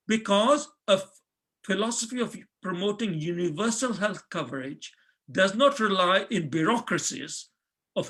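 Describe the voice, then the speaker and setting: Middle-aged guy presenting at a conference, high bright voice, lots of uhs and restarts. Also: husky. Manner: earnest, with many fillers and restarts. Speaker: panel speaker. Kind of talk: conference talk.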